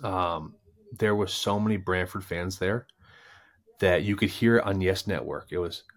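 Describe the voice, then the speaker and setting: This man in his thirties, once a baseball player, co-hosts a podcast and speaks in a low voice at a measured pace. He tells animated anecdotes in a relaxed, chatty way.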